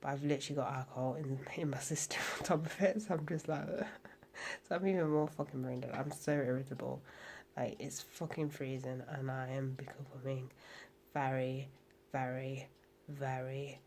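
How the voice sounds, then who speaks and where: A woman's voice: extremely low pitch, fairly even intonation, normal speed, a little mellow, slight background noise. A tired young woman talking casually at home late at night, sweary and rambling, sometimes dropping to a whisper. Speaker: vlogger.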